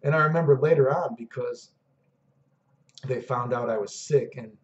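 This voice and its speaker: A man's voice: medium pitch, moderate pace, roomy sound, dull audio. A man in his thirties casually rambling through personal stories, swearing a lot and often saying "dude" and "you know what I mean". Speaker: vlogger.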